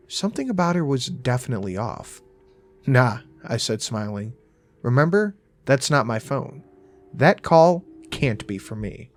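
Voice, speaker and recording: Lively, wry male horror narrator. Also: medium pitch. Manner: casual, profane, wry. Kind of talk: first-person horror story narration.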